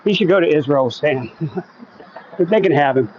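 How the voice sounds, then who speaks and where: A man from Oklahoma talks casually as he walks a residential street at night, reading out viewer comments with a wry, joking tone. His voice sits a little high for a man. The phone audio is slightly dull, with faint outdoor noise behind him. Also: expressive, normal speed, darkish tone. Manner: chatty, wry, reads viewer comments aloud. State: a bit out of breath walking uphill. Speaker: vlogger reading live chat. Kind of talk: casual live-stream chat while walking.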